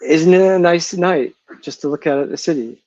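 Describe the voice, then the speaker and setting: A player voicing an evasive artificial manikin in a calm, offhand way. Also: male voice, fairly high pitch, normal speed, no echo, close to an everyday voice. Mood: casual. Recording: dull lo-fi mic.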